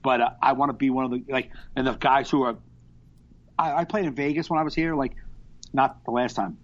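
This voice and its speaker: A man chatting on a podcast over a video call, telling stories in an animated, profane way. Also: medium pitch, fairly quick. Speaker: podcast co-host. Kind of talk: casual podcast chat. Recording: dull lo-fi internet call.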